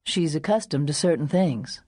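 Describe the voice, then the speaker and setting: A woman voicing a proper, nervous young man who speaks softly and hesitantly. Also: deep voice, lively intonation, moderate pace, husky, dry recording, studio quality. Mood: placating. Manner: hesitant, soft, apologetic.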